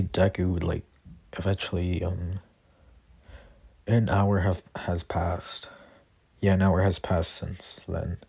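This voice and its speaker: A man's voice: sits low, creaky, dark tone, slightly rough. A man at home improvising a fan story, rambling, with many fillers and self-corrections. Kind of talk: improvised fan-fiction narration.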